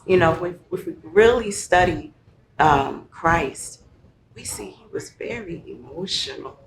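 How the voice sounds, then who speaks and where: A woman explains emotions with vivid everyday examples, her voice pitched low and edged with gravel. The room around her rings with a noticeable echo. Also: animated, unhurried, slight background noise. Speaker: guest, mental health professional. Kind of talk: conversational teaching.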